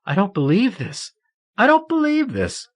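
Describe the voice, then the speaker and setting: A man's voice: on the high side, big pitch swings, normal speed, slightly rough, voice pushed up. A male audiobook reader voicing a distraught young woman, shaken but resolute, with a raised, quavering voice. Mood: overwhelmed.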